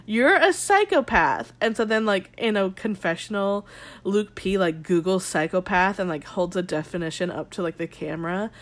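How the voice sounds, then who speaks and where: A woman's voice: lowish voice, normal speed. A young woman hosting a podcast, recapping a show in a gossipy, dramatic way, swearing often and acting out quotes. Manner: gossipy, dramatic, swears a lot, quotes people in animated voices. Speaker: podcast host. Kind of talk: casual recap chat.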